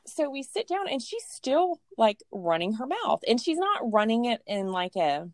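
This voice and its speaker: A woman in her thirties, a storyteller guest, shares a personal story in a casual, animated way at a measured pace. She laughs often and acts out what people said. Her voice is fairly high, and the recording is dry, clean studio sound.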